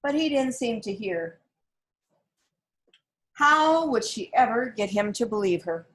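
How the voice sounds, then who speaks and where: Woman reading a picture book aloud, gentle and expressive. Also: fairly high pitch, slow pace. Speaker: storybook reader. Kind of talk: storybook read-aloud.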